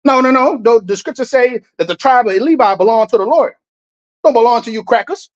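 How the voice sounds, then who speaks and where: A man's voice: very high-pitched, fairly quick, highs cut off. A man preaching fiercely over video clips, swearing freely and often stumbling over repeated words. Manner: heated, profane, repeats and restarts words. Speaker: street preacher.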